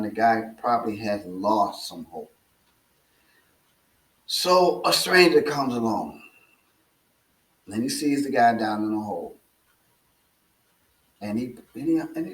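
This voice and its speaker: Man preaching a story slow, low voice, lots of uhs, echoey room. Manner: slow and deliberate, with filler uhs and repeated phrases. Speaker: speaker. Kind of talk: preaching through a parable.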